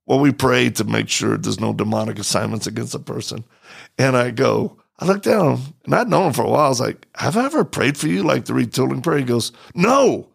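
Gravelly and husky, this medium-pitched man's voice moves fairly quickly. He's a middle-aged podcast host telling a story in casual conversation, animated and voicing the quoted characters.

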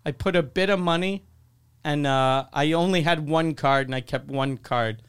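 A man co-hosting a podcast, telling stories in casual chat, animated and swearing freely. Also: on the high side, normal speed, clean tone. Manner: profane, animated storytelling. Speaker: podcast co-host.

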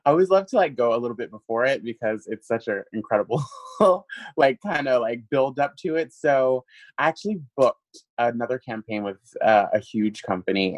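A man's voice: mid-range voice, no echo, low-quality recording. Chatty man telling a story, dry sound. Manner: animated storyteller, laughs often, many fillers. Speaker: guest. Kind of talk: casual interview chat.

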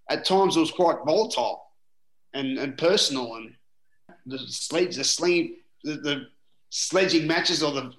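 Bright-voiced Australian man, roomy sound. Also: on the high side. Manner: rambling, anecdotal, full of "you know" and swearing. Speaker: former rugby league player, guest. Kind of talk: casual interview storytelling. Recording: roomy echoing room.

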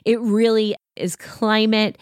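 A middle-aged woman hosting a wine podcast, explaining styles in a knowledgeable, opinionated way with quick asides. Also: a little high, level tone, clear, resonant tone, no echo, studio quality. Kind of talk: casual explanatory chat.

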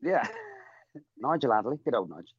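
A man's voice: medium pitch, huge pitch swings, normal speed, slightly rough. A man co-hosting a podcast in casual chat, reading out listener messages. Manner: chatty, reads out listener messages. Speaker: podcast co-host. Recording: dry, slightly muffled lo-fi recording.

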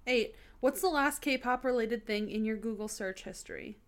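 A woman's voice: on the high side, moderate pace. A woman co-hosting a podcast in casual chat, chatty and laughing often. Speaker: podcast co-host.

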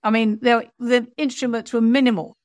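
A woman author telling an animated story in an interview, acting out the people she quotes. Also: fairly high pitch, moderate pace, no room sound. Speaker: author and guest.

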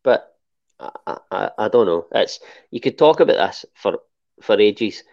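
Male podcast co-host, low and gravelly, hesitant and casual, lo-fi sound. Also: lively intonation, a little slow, a little mellow. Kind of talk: casual football chat.

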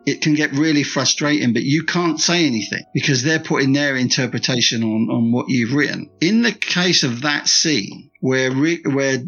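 A man's voice: medium pitch, moderate pace, few pauses, fairly bright tone, muffled recording. A man, an author and screenwriter, tells stories in an interview, rambling through restarts and fillers and repeating his praise. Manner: rambling, with many restarts and "you know" fillers; enthusiastic, repeating words of praise. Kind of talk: candid interview storytelling.

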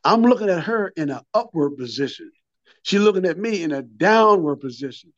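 A man's voice: a little high, sing-song, normal speed, no room sound, highs cut off. A man in his fifties or older, telling his recovery story in an interview, a vivid storyteller who repeats and restarts his words and acts out what people said.

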